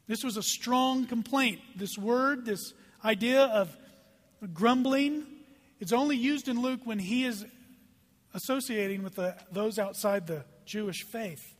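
A male pastor preaching a sermon, emphatic and animated, sometimes dropping to a hushed voice. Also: very high voice, unhurried. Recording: hall reverb.

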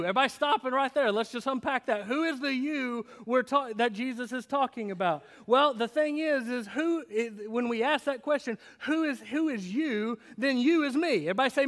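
A male pastor preaching a sermon, emphatic, restating his phrases and dropping low and quiet on key points. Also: moderate pace, few pauses. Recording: long hall reverb.

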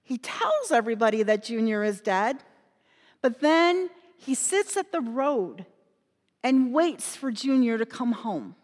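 A woman retelling a parable as a first-person story, in an animated, emotional way. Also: on the high side, unhurried. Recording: long hall reverb.

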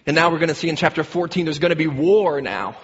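A middle-aged man preaching a sermon, telling a personal story earnestly and getting animated when he quotes people. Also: on the high side, quick pace, husky. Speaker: pastor. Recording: dull sound with long hall reverb.

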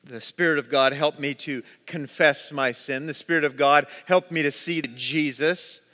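A high-pitched, bright male pastor preaches in a large hall with a long reverb tail. He tells stories with lots of energy and acts out the voices in them. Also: moderate pace. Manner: storytelling, animated, acts out voices. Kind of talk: sermon.

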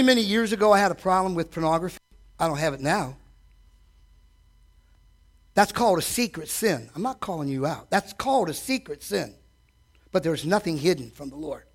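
A pastor preaches from a church stage, his voice sitting high. He's animated, putting direct questions to the congregation and acting out quotations.

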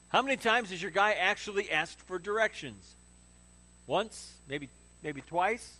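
A man's voice: on the high side, animated, measured pace, bright, forceful tone. A man preaching a sermon as pastor in a church. He talks conversationally, throws questions and jokes to the congregation, and mimics stubborn people with rising emphasis. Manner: conversational preaching with audience asides. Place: church sanctuary.

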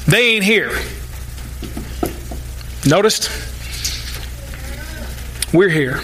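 A man's voice: sits high, animated, normal speed, bright, forceful tone, a little hiss or hum. A male pastor preaching a sermon, folksy and emphatic, with joking asides and mock-sarcastic quotes.

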